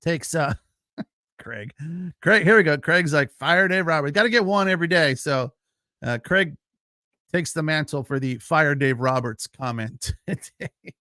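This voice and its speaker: A man's voice: on the high side, lively intonation, measured pace, pauses often, sharp tone, no room sound, studio quality. A man hosting a solo postgame sports podcast, talking casually with lots of fillers and reacting to live chat. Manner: casual, chatty, frequent fillers, laughs easily.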